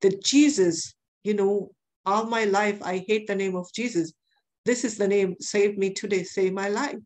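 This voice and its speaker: A woman's voice: mid-range voice, steady tone, a little slow, a little mellow. A woman preaching a sermon, telling a testimony in an earnest way and repeating phrases for emphasis.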